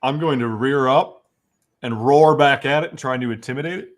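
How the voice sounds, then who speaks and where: A man as a player in a tabletop game, talking easily with some halting restarts. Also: mid-range voice. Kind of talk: casual tabletop game chat.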